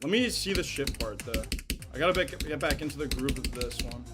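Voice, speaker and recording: A man's voice: mid-range voice, animated, fairly quick, heavy background noise. A young man casually chatting while livestreaming a game, rambling in slang and swearing freely. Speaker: game streamer.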